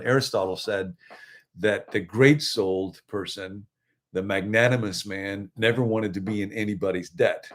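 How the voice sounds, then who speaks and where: A man's voice: fairly low pitch, normal speed, fairly bright tone. A middle-aged man, a pastor, co-hosting a livestreamed devotional talk and teaching in a conversational way with asides to viewers. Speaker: pastor and co-host.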